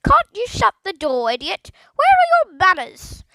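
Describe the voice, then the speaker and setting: A woman's voice: extremely high pitch, huge pitch swings, unhurried, gravelly, a bit bright, no room sound, voice pushed up, exaggerated voice. A woman voicing a rude, bossy male parrot that barks scolding commands in a storybook reading.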